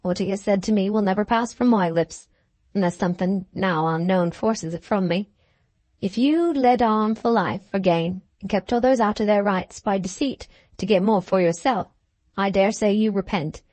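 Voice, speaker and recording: A grave older countryman, gentle and firm as he turns down a patron, read by a woman in an audiobook. He speaks steadily and kindly in a close, dry sound. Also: medium pitch, moderate pace, dry recording, close to an everyday voice. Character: stern honest older male land agent.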